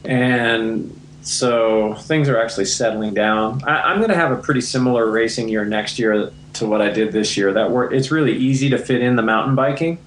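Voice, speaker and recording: A male endurance athlete being interviewed. He sounds relaxed and pokes fun at himself, and his line is roomy with a faint hiss underneath. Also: medium pitch, moderate pace, few pauses. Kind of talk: interview answers.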